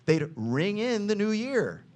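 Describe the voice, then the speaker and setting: Taking it slowly in his high voice, a male tour guide delivers a playful, energetic history talk and teases the group with names like "you guys" and "baby." A slight hiss or hum runs through the audio.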